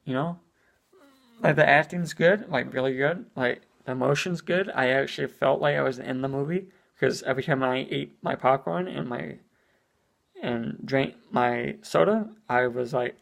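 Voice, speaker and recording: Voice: mid-range voice, vocal fry. A speaker giving a casual spoken movie review as an exasperated rant, full of "you know" and swearing.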